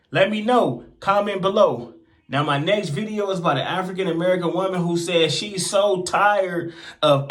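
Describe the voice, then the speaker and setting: A man hosting a reaction video channel, talking casually and asking viewers to comment below. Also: high voice. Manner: asks viewers to comment, plain-spoken.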